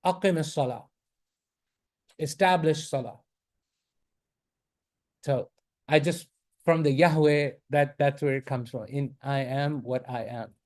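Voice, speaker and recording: Man, Arabic lesson, fairly high voice, quick verse recitation then explanation. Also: fairly even intonation, a little mellow. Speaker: Arabic teacher. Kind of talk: classroom lesson reading and explaining Quranic Arabic. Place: mosque classroom.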